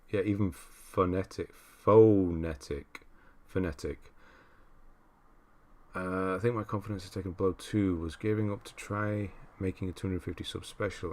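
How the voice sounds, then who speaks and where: A man's voice: sits low, a little mellow. A man hosting a livestream, casually rambling as he reads out viewer comments and answers them. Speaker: livestream host.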